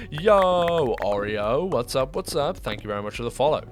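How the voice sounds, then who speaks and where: A young British man chatting casually with viewers during a live game stream, laughing often and jumping to high-pitched disbelief. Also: sing-song, measured pace, music in the background. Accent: British English. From United Kingdom. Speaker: livestreamer.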